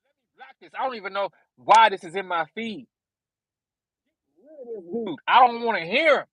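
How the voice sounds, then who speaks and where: An exasperated young guy griping in a high, pinched voice, as a preacher puts him on. His complaints come close and dry, with no room around them. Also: animated, normal speed, a bit bright, breathy edge, dry recording, heavily acted. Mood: annoyed. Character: irritated young man annoyed by a preaching channel.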